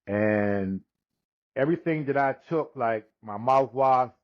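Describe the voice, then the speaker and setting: Older man telling his story, lo-fi. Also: mid-range voice. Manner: unhurried storytelling, acts out quoted dialogue, frequent restarts. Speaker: guest sharing his testimony. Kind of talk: personal testimony in conversation. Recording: dull lo-fi recording.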